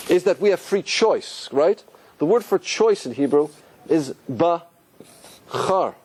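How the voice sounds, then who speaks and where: A man teaching a religious class as a rabbi, asking his listeners questions and swinging his voice up and down as he explains. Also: rough recording. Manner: animated, asks the audience questions, pitch swings up and down. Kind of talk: lively classroom lecture.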